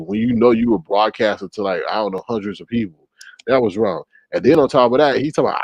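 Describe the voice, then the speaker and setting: A man's voice: medium pitch, big pitch swings, quick pace, creaky, a little mellow, dry recording. A man telling a story in casual commentary, gossipy, with dramatic exclamations. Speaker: commentary vlogger.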